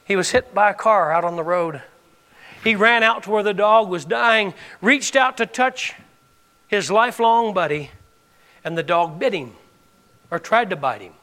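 A man preaches to his congregation in a high, ringing voice. He leans into phrases for emphasis and keeps firing direct questions at his listeners. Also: normal speed, pauses often, pushed and bright. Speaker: pastor. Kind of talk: sermon.

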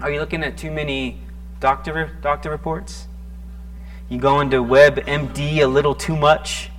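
A man preaching a sermon in a conversational, animated way, often restarting his words and joking at his own expense. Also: fairly high pitch, normal speed. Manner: conversational, self-deprecating, animated with stuttering restarts. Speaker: pastor.

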